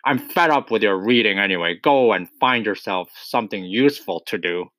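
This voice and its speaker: A man's voice: lowish voice, expressive, normal speed, a bit bright, no echo. Storybook reading: barking, bullying father, played by a man, dry and close. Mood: angry. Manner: snapping, barking. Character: bullying grumpy father, middle-aged man.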